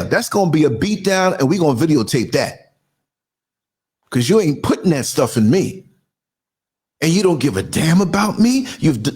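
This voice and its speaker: Ranting husky man in his sixties. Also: high voice, darkish tone. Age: 60s. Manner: ranting, emphatic, mocking asides. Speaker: commentary channel host. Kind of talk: heated opinion monologue.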